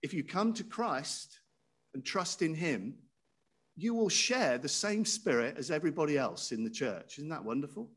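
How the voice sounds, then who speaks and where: A man's voice: fairly high pitch, big pitch swings, normal speed, a bit bright, slightly rough. Guy preaching, chatty, keeps asking the crowd stuff, voice goes up and down a lot. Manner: conversational, asks the audience questions. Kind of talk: sermon.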